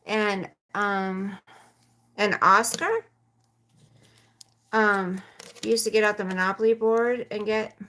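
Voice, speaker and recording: Over poor audio, a woman in her forties with a medium-pitched, fairly bright voice and fairly even intonation talks slowly, with long pauses. She's a mom vlogger on a livestream, chatty and rambling as she answers comments and addresses viewers as "you guys."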